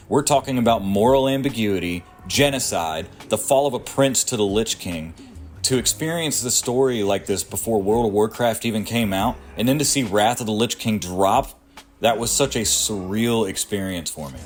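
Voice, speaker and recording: A man's voice: fairly low pitch, expressive, moderate pace, soft background music. A man in his thirties reading a scripted video essay about strategy games, sardonic and crude, with punchy asides. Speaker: gaming video creator.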